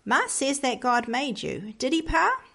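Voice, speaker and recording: A woman voicing a bright, curious eight-year-old boy in a storybook, asking his father questions. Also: high voice, big pitch swings, measured pace, vocal fry, pitched above the performer's own voice, full character voice. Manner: eager, questioning.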